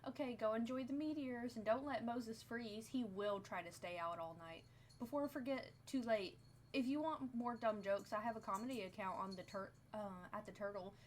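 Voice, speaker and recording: A woman's voice: a little high, moderate pace, slight background noise, close to an everyday voice. A woman reading as a jokey bartender. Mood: joking. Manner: jokey, rambling. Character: joking, chatty woman bartender.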